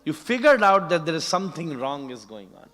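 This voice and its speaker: A man's voice: a little high, sing-song, a little fast, bright, forceful tone. A man voicing a young woman earnestly confiding in her father, in a reverberant hall. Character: young divine woman, a sorrowful daughter.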